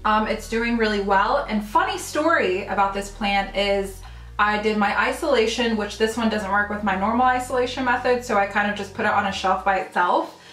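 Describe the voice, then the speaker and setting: In a roomy-sounding recording from her plant-filled home, a plant vlogger chats casually at a moderate pace, her mid-range voice fairly bright. Gushing over her houseplants in a haul video, she laughs lightly and says "um" a lot.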